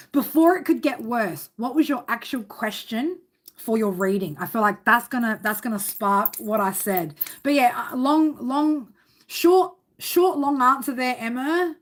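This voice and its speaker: A tarot reader on a live stream chats casually with viewers, rambling, swearing a lot, and laughing often. Her voice is a little high and keeps a measured pace.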